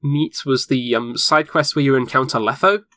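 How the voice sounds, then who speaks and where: A man's voice: mid-range voice, normal speed, pushed and bright, no echo. Man chatting eagerly, dry close sound. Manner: enthusiastic, explains at length. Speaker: podcast co-host. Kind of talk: casual chat about a video game.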